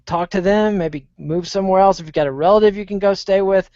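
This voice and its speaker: A man with a fairly high voice gives blunt, plain-spoken opinions in a casual podcast chat. He is heard over a video call, with dull, dry sound. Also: quick pace, a little mellow, no room sound. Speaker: panelist.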